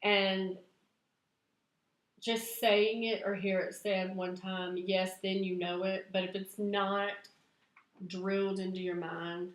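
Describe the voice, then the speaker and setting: A woman's voice: medium pitch, slow pace. Chatty woman vlogging in an echoey room. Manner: chatty, excitable, laughs at herself. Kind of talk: casual chat to camera.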